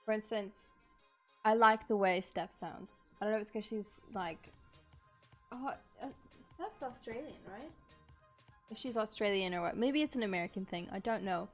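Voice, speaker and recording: A woman streamer talking casually on a live stream, reading out viewer messages as they come in. She laughs often and apologizes easily, her voice sitting at an ordinary middle pitch. Soft music plays faintly in the background. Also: moderate pace, pauses often. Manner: chatty, reads chat aloud, laughs often, apologetic. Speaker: streamer, figure sculptor.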